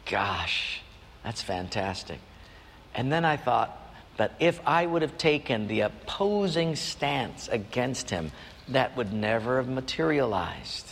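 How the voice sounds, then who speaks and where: A man's voice: expressive, unhurried, creaky, a little hiss or hum. A man preaching a sermon in church, telling a personal story earnestly and often lifting his voice. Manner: earnest storytelling with sudden rises in pitch. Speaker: pastor. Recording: long church hall reverb.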